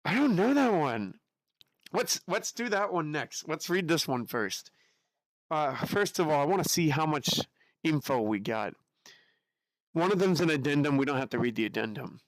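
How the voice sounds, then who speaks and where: A man's voice: fairly high pitch, sing-song, moderate pace, dry recording. A man from the United States chatting casually with his live-stream audience in a chatty, giggly way, with an unusual voice. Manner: chatty, giggly, reacts to chat.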